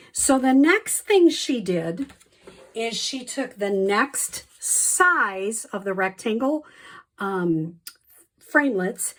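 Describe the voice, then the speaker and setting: Lady showing how to make a card, talks slow and easy, lots of ums, gets excited about the neat bits. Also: fairly high pitch. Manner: chatty, frequent ums, enthusiastic asides. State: slight allergy cough. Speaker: card-making demonstrator. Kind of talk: casual craft tutorial.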